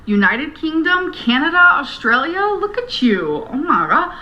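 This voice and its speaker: A woman's voice: high-pitched, very animated, measured pace, sharp tone, dull audio. A woman vlogging to camera in a rambling, earnest, emotional way. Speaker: YouTuber. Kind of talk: talking to camera vlog.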